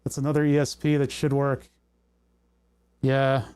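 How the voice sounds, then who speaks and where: A young man hosts a casual electronics-tinkering livestream, muttering and swearing through his troubleshooting as things go wrong. His mid-range voice is completely flat and a little slow, with a darkish, clean tone.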